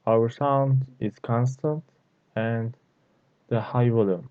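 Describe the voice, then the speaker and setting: Male language teacher, first language Turkish, very slow and halting, tinny phone-like audio. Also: mid-range voice, fairly even intonation, no echo. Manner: slow, halting delivery, repeating each word several times. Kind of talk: explanatory language lesson.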